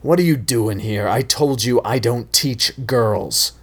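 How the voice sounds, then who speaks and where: A man voicing a gruff, hot-tempered male karate sensei who barks orders and swears in a storybook reading. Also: medium pitch, a little slow, lightly acted. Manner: barking, profane, growling.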